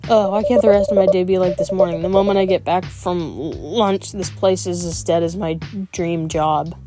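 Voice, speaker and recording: A woman's voice: lowish voice, steady tone, normal speed. A woman reading a visual novel aloud as a gaming streamer, with wry, playful asides. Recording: game music playing behind.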